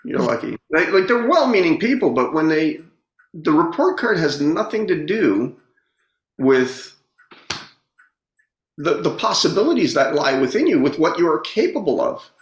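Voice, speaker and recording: Guy talking about his past, earnest and halting, voice goes up and down a lot. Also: on the high side, sing-song. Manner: halting, repeats words, earnest storytelling. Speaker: speaker on personal growth. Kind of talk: reflective casual talk. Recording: roomy echo.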